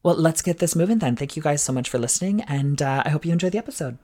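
A man's voice: on the high side, lively intonation, racing, a little mellow. A man who performs as a drag queen, co-hosting a podcast in a playful, teasing chat with lots of laughter before a live audience.

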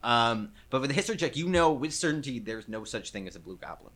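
A man runs a tabletop game, narrating scenes with lots of "like" and "um". His voice is bright and swings widely in pitch. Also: fast. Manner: lively, rambling narration. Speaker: game master.

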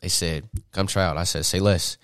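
A young man from Atlanta, a podcast guest, telling stories in a casual, slangy, animated way and laughing often. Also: deep voice, moderate pace, clear, resonant tone, no echo, clean studio sound. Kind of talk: casual storytelling.

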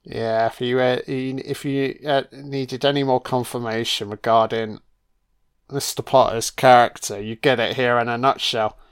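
A man's voice: medium pitch, fairly even intonation, normal speed, smooth. A man giving casual film commentary, blunt and full of swearing. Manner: blunt and profane, with frequent swearing.

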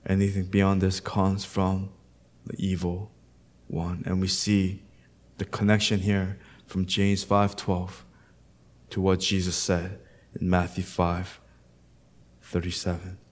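A man's voice: sits low, little pitch movement, takes it slowly, pauses often. A man, a pastor, preaching a sermon in a conversational way with storytelling asides.

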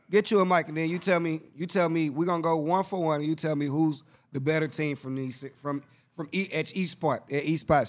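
A man rambles through a casual podcast chat with an excitable, slangy delivery. He repeats his points again and again as he argues them. His voice sits a little on the higher side. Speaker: podcast host.

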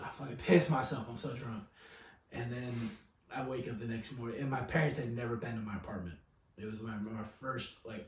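A man co-hosting a podcast, telling a drunken story with heavy swearing and lively voice impressions. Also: mid-range voice. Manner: profane, animated storyteller, mimics voices. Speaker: podcast co-host. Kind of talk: casual storytelling chat. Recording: roomy, distant mic.

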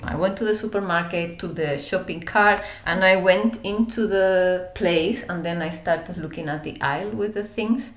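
Woman from Spain, lively storyteller. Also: fairly low pitch, normal speed, reverberant. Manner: animated, laughing, acts out scenes. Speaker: interview guest. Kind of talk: reflective storytelling.

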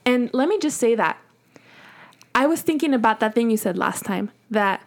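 A woman in her late twenties tells a story on her podcast in loose, casual chat. Her voice sits a little higher than most. She swears freely and acts out her own exasperated replies. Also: expressive, normal speed. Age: 20s. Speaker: podcast host.

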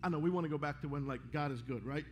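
A man's voice: on the high side, very fast, a little hiss or hum. A man preaching a sermon as pastor, calling out to the congregation with rising fervor between quoted verses. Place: church sanctuary.

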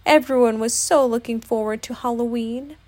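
A woman's voice: on the high side, steady tone, normal speed, darkish tone, lightly acted. A woman voicing a very small, anxious male piglet who stammers and frets in a storybook. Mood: fretful. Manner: stammering, fretful.

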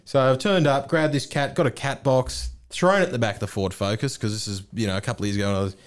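A man's voice: mid-range voice, fairly even intonation, fast. Man, thirties, podcast co-host, laughing storyteller, swears freely. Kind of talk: casual chat.

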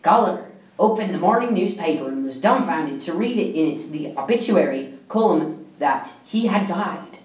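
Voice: mid-range voice, expressive, normal speed, roomy sound, distant mic, poor audio. A person reading a countdown of jokes aloud, often stumbling and restarting mid-sentence. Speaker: joke reader.

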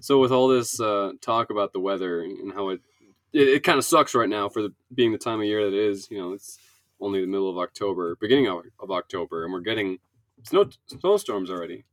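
A man's voice: lowish voice, expressive, fairly quick, fairly bright tone, dry recording. A man from Minnesota co-hosting a casual chat podcast, explaining his points at length in a loose, rambling way. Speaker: podcast co-host.

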